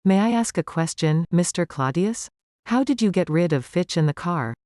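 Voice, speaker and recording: An eager teenage boy detective, read by a man. He speaks keenly, his pitch moving freely. The voice is dry and close. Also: lively intonation, moderate pace, darkish tone, no room sound. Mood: nervous.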